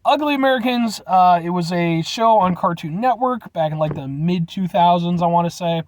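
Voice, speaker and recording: A man hosting a casual food review vlog from inside his truck, playful and animated, talking straight to his viewers. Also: high-pitched, moderate pace, a little hiss or hum. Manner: animated, playful, keeps addressing viewers as folks.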